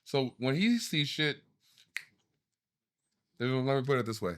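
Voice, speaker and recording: A man in his thirties talks casually on a podcast, swearing freely through a story about his kids. His voice sits at an average pitch, and it climbs and gets louder whenever the story gets worked up. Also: big pitch swings, takes it slowly, clear, resonant tone, no room sound, clean studio sound. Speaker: podcast co-host. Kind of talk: casual chat.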